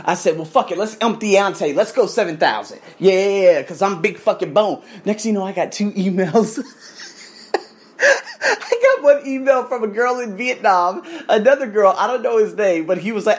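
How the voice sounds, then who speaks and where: A man in his thirties rants into the camera in a casual vlog, his pitch swinging widely as he acts out the people in his story. His talk is full of swearing and loud, expressive bursts. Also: moderate pace. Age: 30s. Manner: animated, profane storytelling with mimicked voices. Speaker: coach. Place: abroad in Thailand.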